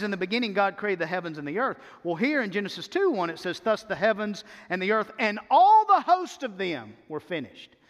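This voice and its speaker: A man preaches a sermon as pastor, his voice pitched high. He piles up rhetorical questions and climbs to loud, emphatic peaks. The sound rings with the long reverb of a church hall. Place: church sanctuary.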